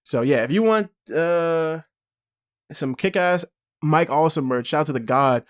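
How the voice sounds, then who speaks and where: A young man co-hosting a podcast, chatting excitably, laughing often and swearing a lot. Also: fairly high pitch, unhurried. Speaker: podcast co-host. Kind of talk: casual chat.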